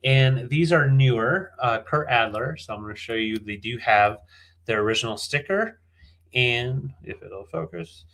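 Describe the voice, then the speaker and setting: A man's voice: medium pitch, measured pace, fairly bright tone. A man co-hosting a live vintage sale, counting down bids in an easygoing way. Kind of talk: live auction chat.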